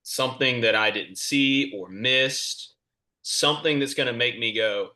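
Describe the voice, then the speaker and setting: A man, a college basketball official, explaining calls to a clinic audience in a clear, measured, confident way. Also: medium pitch, sharp tone.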